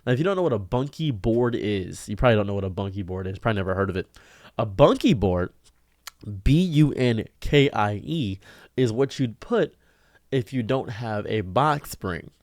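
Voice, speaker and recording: A man telling a diary-style story to camera in an exasperated, ranting way, his voice jumping up sharply in pitch. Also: expressive, moderate pace, a little mellow, no echo, clean studio sound. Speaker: streamer and video diarist.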